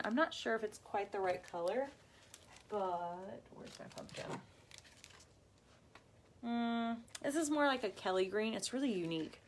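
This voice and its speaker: A woman's voice: mid-range voice, a little hiss or hum. Chatty woman gushing over crafts. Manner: chatty, gushing, addresses viewers as y'all. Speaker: craft shop owner hosting a live video. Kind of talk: casual live craft demo chat.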